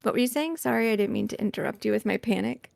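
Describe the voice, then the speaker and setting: A woman running a tabletop game on stream as game master, chatty and quick to laugh. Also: medium pitch, creaky, a little mellow, dry recording.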